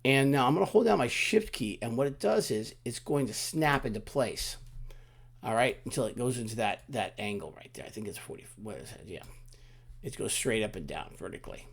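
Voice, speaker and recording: Male tutorial instructor, relaxed and chatty, lively pitch, walks through every step aloud. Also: fairly quick, vocal fry, slightly rough. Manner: relaxed, talks through each click, frequent restarts and asides. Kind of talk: screen-recorded software walkthrough.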